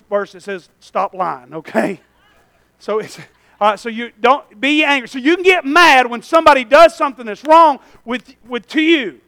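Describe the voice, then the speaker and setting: A male pastor, preaching a sermon, swinging between loud shouting and low asides to the congregation. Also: no echo.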